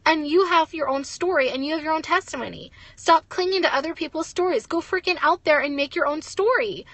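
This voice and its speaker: High bright-voiced ranting young woman. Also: a little fast, no echo. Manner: blunt, ranting, swears and says "like" a lot. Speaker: network marketing leader. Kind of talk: motivational talk to camera.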